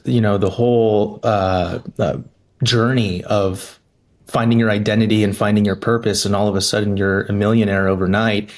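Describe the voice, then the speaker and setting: A man with a fairly low voice puts questions to a guest. He stumbles and restarts as he asks. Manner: stumbling, halting questions with repeated starts. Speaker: interviewer. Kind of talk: interview questions.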